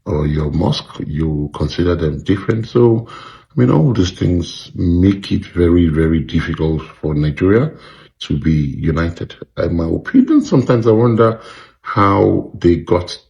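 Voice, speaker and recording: Low gravelly guy musing out loud, slow and thoughtful. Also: expressive, muffled recording. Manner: measured, reflective, many fillers. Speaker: commentator sharing opinion. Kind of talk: casual spoken opinion.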